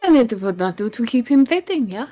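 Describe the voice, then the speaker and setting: A formal young alien rogue, as a woman puts him on speaks in stiff, careful phrasing with an exotic put-on accent. His pitch swings widely and sits high. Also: sing-song, a little fast, dark tone, soft background music.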